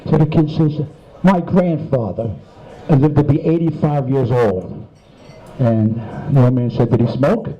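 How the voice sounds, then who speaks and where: A man's voice: medium pitch, measured pace. A man telling crude stand-up jokes in a casual storyteller's way. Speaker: comedian. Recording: muffled lo-fi club recording.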